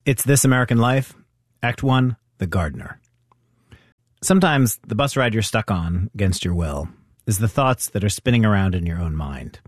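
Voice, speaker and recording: A man's voice: fairly low pitch, lively intonation, moderate pace, slightly rough, no echo, clean studio sound. A man hosting a radio show, asking short curious questions and introducing stories. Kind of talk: conversational radio storytelling.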